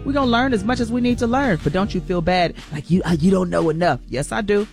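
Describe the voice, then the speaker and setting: A woman's voice: mid-range voice, fast talker, a little mellow. A woman radio host delivers a spirited inspirational message, preachy and emphatic, repeating key lines for stress. She talks folksy and direct, calling her listeners y'all. Faint music plays behind her. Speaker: radio morning show host.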